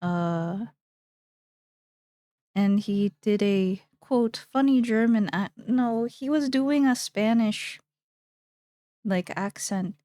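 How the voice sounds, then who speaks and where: Unhurried young woman streamer, dry sound. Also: mid-range voice, warm tone, dry recording. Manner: rambling, playful, thinks aloud. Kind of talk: casual chat while drawing on stream.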